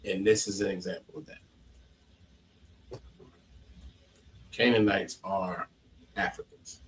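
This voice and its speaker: A man's voice: sits low, a little hiss or hum. A man leading a scripture class as its teacher, encouraging students and laughing easily. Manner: animated, encouraging, quick to laugh.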